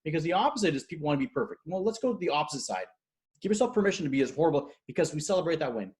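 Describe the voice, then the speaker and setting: A man speaking as a guest coach in a casual video-call interview, energetic and acting out quotes as he tells stories. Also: fairly high pitch. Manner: fast, energetic storyteller, acts out quotes. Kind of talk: animated casual interview talk.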